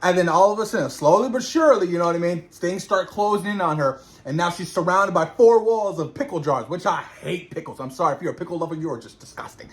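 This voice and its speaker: A man recapping a horror episode in an animated, slangy way, often repeating words for emphasis. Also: sits high, fast, hardly any pauses. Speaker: show reviewer. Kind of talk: reaction recap.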